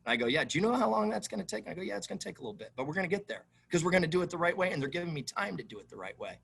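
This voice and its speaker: Emphatic husky football coach, man. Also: high-pitched, racing. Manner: emphatic, animated, repeats himself. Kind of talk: press conference answers.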